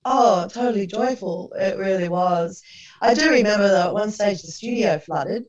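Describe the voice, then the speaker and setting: A woman's voice: medium pitch, normal speed, a little mellow, roomy sound. A woman recalling her years as an actress in an enthusiastic, easygoing interview. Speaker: actress guest. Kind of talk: casual interview reminiscing. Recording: dull lo-fi sound.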